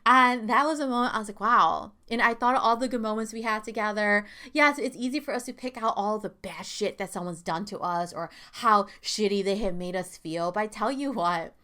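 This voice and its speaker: A woman's voice: mid-range voice, a little fast, hardly any pauses, sharp tone. A woman hosting a self-help podcast, talking candidly and casually with lots of fillers and asides. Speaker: podcast host.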